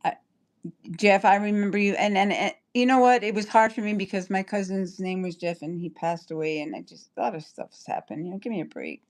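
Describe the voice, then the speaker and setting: A woman's voice: mid-range voice, fairly even intonation, a little fast. A woman chatting on a livestream, rambling and apologetic, stopping and restarting her sentences. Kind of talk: casual livestream chat.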